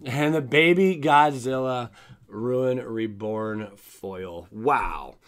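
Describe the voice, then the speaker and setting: A young man hosting his own channel, chatting excitedly as he opens trading cards and now and then bursting into shouts and laughter. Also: mid-range voice, very slow. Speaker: card-opening video host. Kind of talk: excited card-opening commentary.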